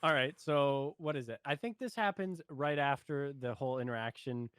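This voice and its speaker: Young man, casual review chat, mid-range pitch, dry close mic, laid-back recap, frequent laughs. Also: moderate pace, a bit bright, clear, resonant tone, no room sound. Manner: easygoing recapping, laughs often, trails off to search for words. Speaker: show co-host reviewer.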